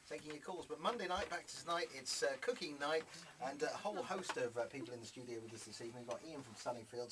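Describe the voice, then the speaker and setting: A man's voice: medium pitch, fast, far from the mic, background noise. A man hosting a local radio cookery night, chatting casually and rambling with fillers while he eats. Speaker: radio host. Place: radio studio.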